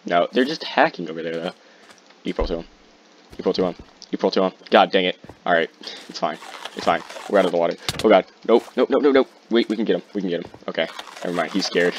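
A man giving live commentary while playing a game, excitable and quick to repeat himself in bursts. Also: low-pitched. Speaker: gaming YouTuber. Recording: muffled lo-fi mic with faint hiss.

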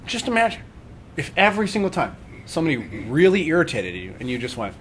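A man leading a live workshop on breathing and meditation, talking calmly and conversationally and often checking in with his listeners. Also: medium pitch, quick pace, a little hiss or hum. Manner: calm, conversational, checks in with "right?".

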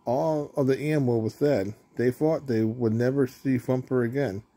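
A man reading a children's story aloud, unhurried, with small slips and restarts. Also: mid-range voice, fairly even intonation, warm tone. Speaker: storybook reader.

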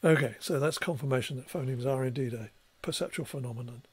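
A man's voice: medium pitch, quick pace, no room sound. Man giving a dry, plain lecture. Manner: explanatory, steady, clears throat now and then. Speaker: professor giving a tutorial. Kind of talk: recorded lecture.

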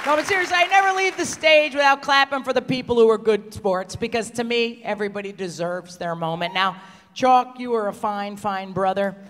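Brash female insult comic on a theater stage mic, long hall echo and a loud live crowd behind her. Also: a little high, fairly quick. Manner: brash, crude, teasing the crowd, often shouting. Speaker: stand-up comedian. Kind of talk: live insult comedy set. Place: stage in a large theater before a live audience.

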